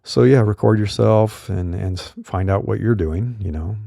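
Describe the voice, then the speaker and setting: Middle-aged man, deep husky voice, dark tone, chatty podcast host on a dry close condenser mic. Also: moderate pace, no room sound. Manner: relaxed, chatty, with fillers and laughs. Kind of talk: casual solo podcast talk. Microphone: studio condenser mic.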